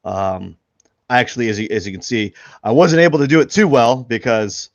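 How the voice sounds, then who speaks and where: Here a man with a mid-range voice talks briskly while drawing live on stream, rambling with frequent restarts and fillers and chuckling at himself. The sound is dull, lo-fi, and dry, with no echo.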